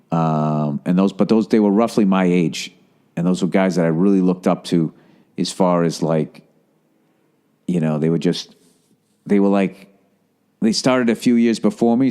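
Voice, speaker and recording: A man in his forties with a Boston accent, rambling through a profane, casual podcast monologue, dropping to low mumbles and rising to loud bursts. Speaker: podcast host.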